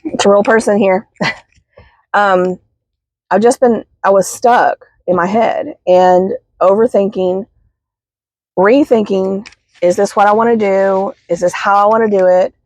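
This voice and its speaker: A woman, teary and sniffling, talking haltingly in a heartfelt vlog from her parked car. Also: mid-range voice, fairly even intonation, a little mellow, no room sound. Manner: halting, many fillers and apologies. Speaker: spiritual healing vlogger. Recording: dull, dry sound inside a car.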